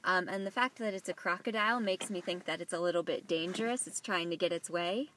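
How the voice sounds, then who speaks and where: A woman's voice: lowish voice, brisk, a bit bright, a little hiss or hum. A woman co-hosting a casual podcast from inside a car, hesitant and thinking aloud as she answers. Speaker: podcast co-host. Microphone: phone held in hand.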